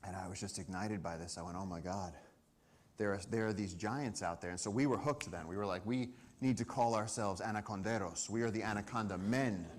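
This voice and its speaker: Lively man telling a story on stage. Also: fairly low pitch, fairly quick. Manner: lively storyteller, acts out dialogue and shouts. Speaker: conservation speaker. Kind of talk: animated storytelling talk. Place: live event stage.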